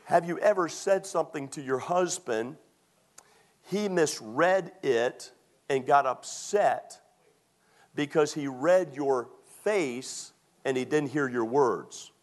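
A man's voice: fairly high pitch, slow pace. A man preaching a sermon in a folksy, conversational way, with many fillers, quoting scripture and asking the congregation to answer. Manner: quotes scripture and asks the congregation to respond. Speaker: pastor.

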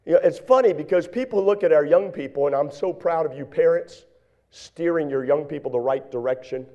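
A pastor preaching a sermon in church, swinging from hushed, quiet lines to shouted, fervent exhortation. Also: male voice, on the high side, fairly quick, dull audio.

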